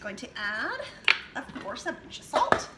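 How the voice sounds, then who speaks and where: A woman's voice: fairly high pitch, wildly swooping pitch, measured pace, very noisy. A woman hosting a home cooking demonstration, chatting her way through each step as she works in her kitchen. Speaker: cooking show host.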